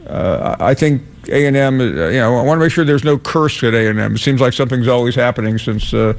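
A man hosts a sports call-in show, taking callers and weighing his answers in a measured, hesitant way. He pauses often with fillers, and his voice sits at an ordinary middle pitch. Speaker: sports radio host. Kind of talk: sports talk radio.

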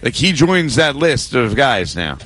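A man's voice: medium pitch, big pitch swings, unhurried, fairly bright tone, dry recording, rough recording. A man with a mid-range voice co-hosts a sports radio show, conversational and storytelling, weighing his opinions as he goes. He sounds close and dry on a studio mic.

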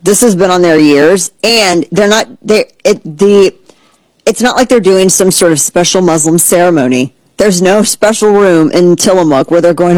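A woman hosting a talk show, ranting in a sarcastic, animated way and slipping into mocking voices. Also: lowish voice, normal speed, dry recording, poor audio. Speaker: podcast host. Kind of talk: casual opinion commentary.

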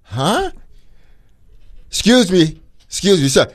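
A man co-hosting a sports talk show in casual chat, amused and given to exclamations. He talks unhurriedly in a fairly high voice that moves widely. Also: very animated, a little slow.

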